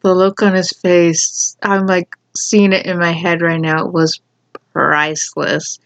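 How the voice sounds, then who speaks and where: A woman telling a story from her school days in a casual, rambling way, repeating herself and adding animated asides. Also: on the low side, a little slow. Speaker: storyteller vlogger.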